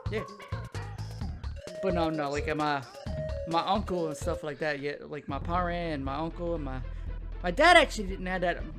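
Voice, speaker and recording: Rambling man with a South Louisiana accent. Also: a little high. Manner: rambling, loses his train of thought. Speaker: gaming show host. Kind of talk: casual chat while playing a video game. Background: game music.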